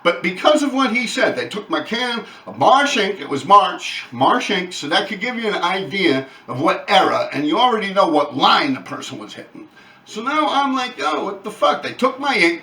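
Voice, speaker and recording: A man, telling profane, animated street stories on his own channel. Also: high voice, far from the mic. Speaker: channel host. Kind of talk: casual storytelling. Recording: echoey room, off-mic.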